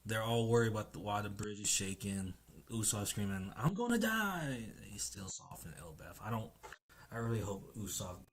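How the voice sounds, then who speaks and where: A man's voice: fairly low pitch, steady tone, normal speed, slight background noise. A man casually recapping a comic chapter, laughing often and swearing freely. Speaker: manga chapter reviewer.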